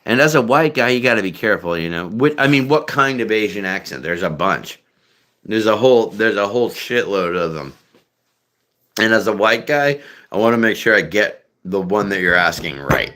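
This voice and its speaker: A man chats on his live stream in a loose, profane ramble, with lots of fillers and restarts. His voice has a bright, sharp edge to it. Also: on the low side, expressive, normal speed. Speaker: livestream host. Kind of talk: casual live-stream chat.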